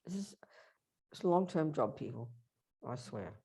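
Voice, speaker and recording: Animated, emphatic woman teaching a workshop. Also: a bass voice, moderate pace, slightly rough. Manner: emphatic, direct, addresses audience. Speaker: Buddhist teacher.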